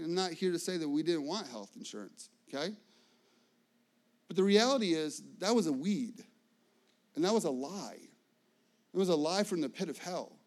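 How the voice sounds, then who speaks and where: Animated male pastor preaching. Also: high-pitched. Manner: animated storytelling, acts out dialogue, fillers. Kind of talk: sermon.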